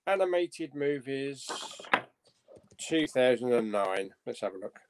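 Lively man with a bouncy voice. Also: medium pitch, slow, noisy background. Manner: lively, reads out chat comments. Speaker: guest. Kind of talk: casual live-stream chat.

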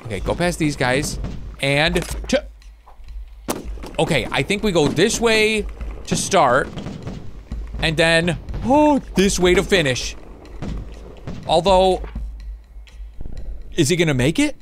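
A young man commentating his own gameplay, excitable and chatty with his viewers. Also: fairly high pitch, slow pace, pauses often, slight background noise. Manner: excitable, talks to viewers while playing. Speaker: gaming YouTuber. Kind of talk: let's play commentary.

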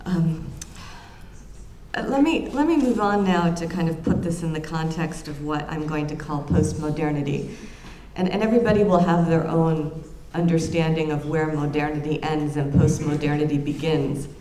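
A low, mellow-voiced woman delivers an academic lecture, earnest and reflective, pausing to restart her phrases as she thinks aloud. Her voice carries through a roomy lecture room with a faint hum of ambience behind it. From United States.

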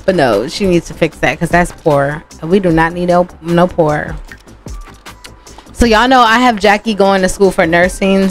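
A woman with a low-pitched voice chats casually as she plays through a life-sim game, cursing freely and talking straight to her viewers. Faint game music runs underneath her commentary. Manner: chatty, profane, talks to viewers as "y'all". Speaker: gaming channel host.

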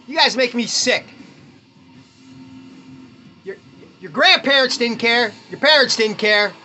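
High, bright-voiced man ranting profanely. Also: lively intonation, slow. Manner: profane and blunt, chuckles often. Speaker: podcast host. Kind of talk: casual rant while opening baseball cards.

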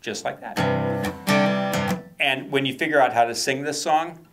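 A man's voice: medium pitch, measured pace, over loud music. A man, a children's author, performing his poems and songs for kids, playfully coaxing them to join in. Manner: playful, coaxing call-and-response.

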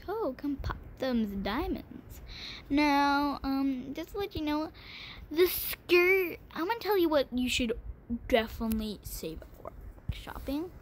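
Excitable high-voiced woman gaming vlogger. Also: unhurried, a little hiss or hum. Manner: excitable, gushing, mock-dramatic complaining. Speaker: gaming channel host. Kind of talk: casual game tutorial chat.

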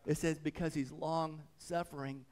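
A man preaching a sermon as pastor, swinging between loud fervent passages and hushed reverent ones, repeating phrases and calling out "come on.". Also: on the high side, little pitch movement, unhurried.

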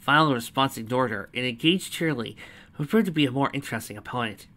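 A man's voice: mid-range voice, lively intonation, fast talker, sharp tone. A man reading a fanfiction story aloud, adding chatty asides between the narration.

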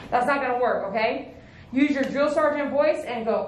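A woman's voice: high voice, fast talker, muffled recording. A woman dog groomer teaching puppy handling in a hands-on demonstration, firm and coaxing, with short repeated commands and praise. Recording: echoey room with faint background noise.

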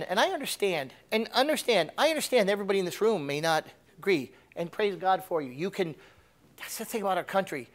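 Animated preacher man. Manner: animated, swings between loud emphatic and low asides. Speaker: pastor. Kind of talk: sermon.

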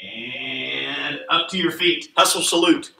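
A man leading a live kids' exercise class, calling out moves in an energetic, upbeat, nonstop patter while exercising along. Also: a little high, takes it slowly, creaky. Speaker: kids' PE coach. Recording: echoey room sound.

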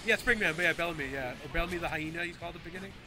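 Animated young man chatting over game music. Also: fairly high pitch, rapid-fire. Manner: animated, laughing, swearing, mimics voices. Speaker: gameplay commentator. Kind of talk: casual chat over gameplay.

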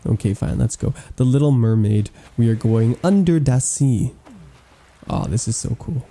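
A man giving excitable, gushing gameplay commentary as he tours a game island, cracking playful puns. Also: medium pitch, normal speed, creaky. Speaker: gaming YouTuber touring an island.

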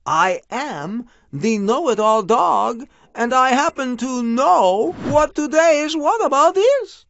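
A woman voicing a chipper male know-it-all dog puppet on a children's TV show, announcing slowly and showily. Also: high-pitched, expressive, no room sound, exaggerated voice. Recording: dry, dull lo-fi studio sound.

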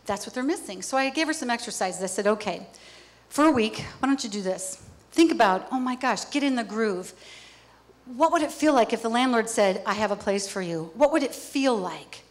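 Woman on stage doing a motivational talk, lively, acts stuff out. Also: fairly high pitch, moderate pace. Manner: lively, acts out little scenes. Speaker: speaker. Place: theater stage.

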